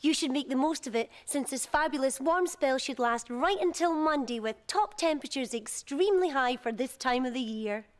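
An actress with a Scottish accent playing a cheerful TV weather presenter in upbeat broadcast style. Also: female voice, high voice, lively intonation, normal speed, few pauses. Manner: bright, upbeat presenter delivery.

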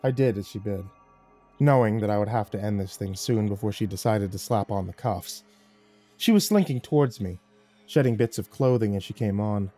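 Dark, mellow male horror narrator. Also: lowish voice, moderate pace, faint music behind. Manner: dramatic first-person telling.

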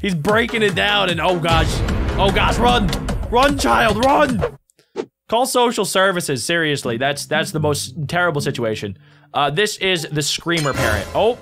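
An excitable man talks through a reaction video in a high, bouncy voice that leaps up and down. He takes his time, with playful, animated commentary and soft music under him. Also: unhurried. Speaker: YouTube reaction host.

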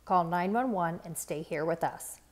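A woman's voice: on the low side, moderate pace, lightly acted. A woman voicing a protective mother who firmly reassures her children in a storybook read-aloud. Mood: reassuring. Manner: firm but comforting.

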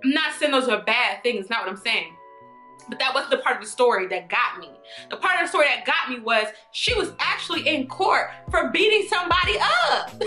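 A woman vlogger telling a story in an animated, chatty way, laughing often. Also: high-pitched. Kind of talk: storytime vlog. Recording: echoey room, faint music.

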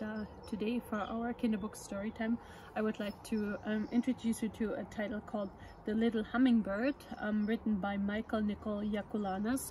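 A woman presenting children's books, reading a picture book aloud at story time in a gentle, measured way. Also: medium pitch, slight background noise, poor audio.

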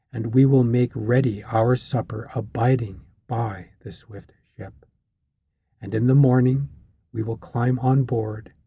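A man voicing a weary, reproachful sailor from an ancient epic, speaking slowly and solemnly in archaic phrasing for an audiobook. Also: medium pitch, slightly rough, highs cut off, exaggerated voice. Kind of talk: audiobook reading of a classic epic.

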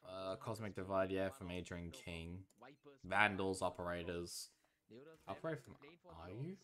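Excitable man ranting over a match. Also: low-pitched. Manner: excitable, swings into loud exasperated rants; swears when frustrated. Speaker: streamer watching a match. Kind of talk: live watch-along commentary.

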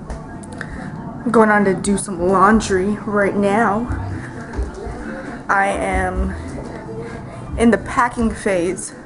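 A woman's voice: medium pitch, rough recording. A teenage girl talking casually in a vlog from her bedroom, rambling and filling her talk with "like". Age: teens. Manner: chatty, rambling, heavy use of "like". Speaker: vlogger.

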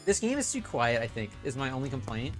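A man's voice: medium pitch, big pitch swings, fast, fairly bright tone, faint music behind. A young man casually commentating a video game stream, rambling and swearing often.

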